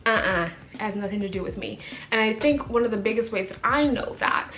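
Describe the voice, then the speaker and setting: A woman's voice: mid-range voice, brisk, fairly bright tone, faint music behind. A young woman vlogger giving casual, blunt life advice in an emphatic, sassy way, often ending points with "okay?".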